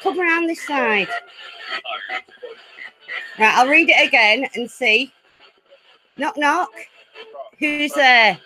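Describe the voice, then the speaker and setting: A woman hosting her own paranormal channel from home, chatty and easily excited, laughing often as she talks to her viewers. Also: high voice, slow, long pauses, over music, low-quality recording. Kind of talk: casual live chat. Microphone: laptop.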